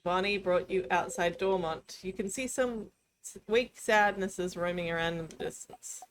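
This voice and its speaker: A woman's voice: fairly low pitch, normal speed. A woman streaming a game, casually chatting and reading the story text aloud. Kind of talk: casual let's-play narration.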